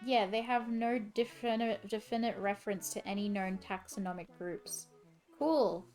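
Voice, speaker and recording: A woman chatting casually and swearing freely as she reacts out loud to a video game on a live stream. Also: mid-range voice, fairly even intonation, normal speed, faint music behind.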